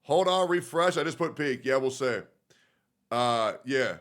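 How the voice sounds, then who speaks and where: A young male streamer talking to his chat in a middle-pitched voice, casual and profane. He leans on fillers like "like" and trails off into low mutters between reactions. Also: lively intonation, a little slow, a bit bright.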